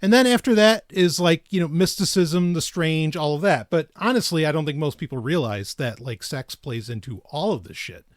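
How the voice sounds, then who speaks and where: Male podcast co-host, slightly high, very lively pitch, rambling and laugh-prone, dry studio sound. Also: dry recording. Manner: rambling, self-interrupting, quick to laugh. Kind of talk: casual chat.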